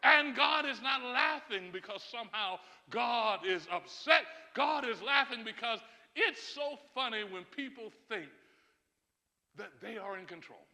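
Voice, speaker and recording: Man, pastor, sermon, high voice, very bright tone, emphatic, laughing, reverberant church. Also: animated, unhurried. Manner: emphatic, rising to shouts, laughs often. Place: church sanctuary. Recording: church sanctuary with long reverb.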